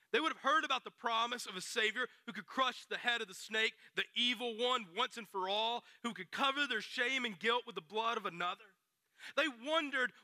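A man preaching a storytelling sermon, dramatic and dropping to hushed near-whispers for emphasis. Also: extremely high pitch, no room sound, clean studio sound.

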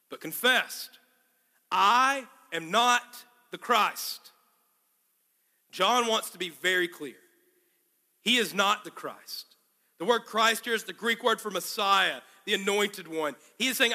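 A man's voice: high voice, sharp tone, big-room sound. A man preaching a sermon as pastor, dramatically acting out the biblical dialogue he explains.

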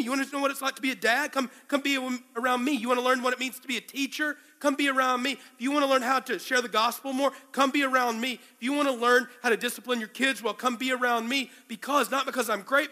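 High, bright-voiced preacher in a hall. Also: male voice. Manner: animated storytelling with acted-out quotes. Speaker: pastor. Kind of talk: sermon. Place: large room with a congregation.

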